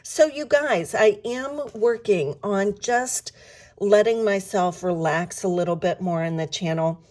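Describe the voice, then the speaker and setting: A woman with a slightly rough morning voice chats brightly to her viewers. She counts bills aloud one by one and cheers them on in a casual, friendly way. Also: mid-range voice, a little slow. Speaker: budgeting vlogger.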